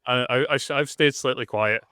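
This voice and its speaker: A man's voice: mid-range voice, a little fast, sharp tone, a little hiss or hum. A man in his twenties, a podcast guest who talks modestly with hesitant fillers. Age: 20s. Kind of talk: casual chat.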